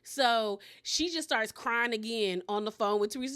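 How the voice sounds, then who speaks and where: A young woman with a fairly high voice recaps a reality show in a loose, chatty way. She gives her opinions freely and acts out other people's lines as she tells the story. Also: moderate pace, hardly any pauses, a bit bright, smooth. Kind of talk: casual recap commentary.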